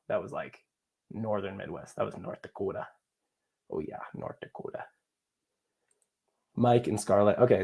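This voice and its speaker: A man's voice: fairly low pitch, creaky, darkish tone. A young man hosting a live draft stream, chatting casually and joking with viewers and co-hosts. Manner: jokey, chatty, talks to chat and co-hosts. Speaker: livestream host. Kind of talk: casual live chat reading viewer comments.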